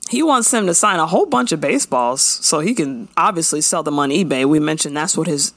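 Woman, casual recap, playful, very lively pitch, dry close mic. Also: fairly quick, no room sound. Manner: animated, playful, acts out characters' lines. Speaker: podcast co-host recapping a show.

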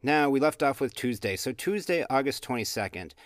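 A man co-hosting an astrology podcast, talking through the week's forecast in a measured, friendly way. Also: medium pitch, expressive, no room sound, clean studio sound. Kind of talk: casual podcast chat and forecast. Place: room with open door during rainstorm.

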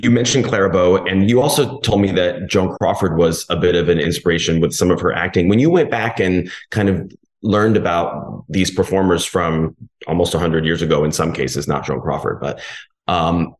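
A man with a very deep voice hosts an interview, posing rambling, hedging questions. His voice carries a roomy echo. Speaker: podcast host interviewer.

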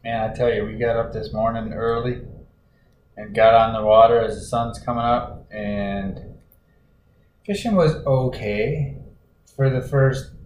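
A man's voice: medium pitch, steady tone, measured pace, pauses often, a little mellow. Laid-back man in an echoey room. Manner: laid-back, rambling with fillers. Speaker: podcast co-host. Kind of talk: casual chat. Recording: roomy echo, faint noise.

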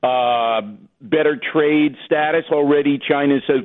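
A man calling in as a radio guest, blunt and dismissive, talking in quick bursts. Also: mid-range voice, lively intonation. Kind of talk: casual radio talk. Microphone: telephone. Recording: phone line.

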